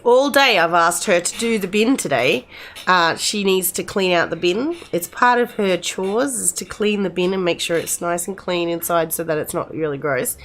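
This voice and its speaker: A woman's voice: lowish voice, normal speed, fairly bright tone, a little hiss or hum. A middle-aged woman, chatting casually with her live-stream viewers in a rambling way, full of restarts.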